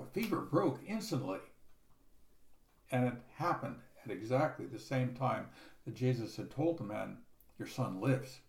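A man teaching a Bible passage verse by verse, reading scripture aloud and explaining it in a measured way, stressing key words. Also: mid-range voice, a little mellow. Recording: echoey room.

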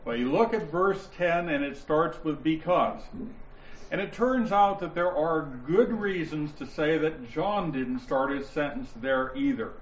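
A man teaching a Bible study class, explaining points deliberately and stressing key words, with listeners answering him. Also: on the high side, a little hiss or hum. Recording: roomy, dull lo-fi sound with faint ambience.

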